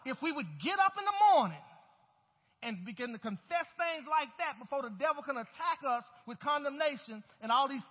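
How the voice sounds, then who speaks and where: A male pastor delivers a sermon, rising in emphasis as he calls on his congregation to answer back. His voice sits high and carries some huskiness. The recording is muffled and dull, with a long reverb from the sanctuary. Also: breathy edge. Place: church sanctuary. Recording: dull, hollow-sounding church recording.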